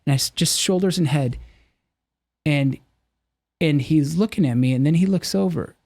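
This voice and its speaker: A man's voice: fairly high pitch, moderate pace, gravelly, darkish tone, no room sound. A middle-aged man speaking earnestly and with animation as a podcast guest, telling personal stories and acting out the voices he quotes. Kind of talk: candid personal storytelling.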